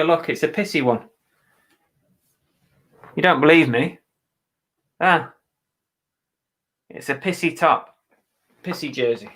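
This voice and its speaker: Over a rough recording, a UK Englishman with a mid-range, fairly bright voice livestreams his eBay reselling. He lists items for resale and reads viewers' comments aloud, keeping the chat casual and blunt.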